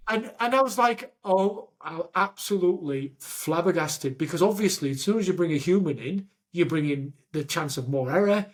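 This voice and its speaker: Animated Yorkshire man telling stories. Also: fairly high pitch, normal speed. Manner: animated storyteller, acts out quotes. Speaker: podcast host. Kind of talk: casual conversation.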